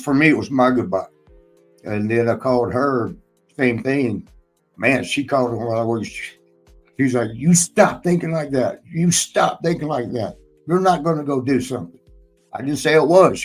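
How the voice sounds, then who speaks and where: A man's voice: medium pitch, low-quality recording. A man hosting a casual chat, telling a long personal story in a rambling way, swearing often and laughing between lines. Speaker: podcast host and former wrestler.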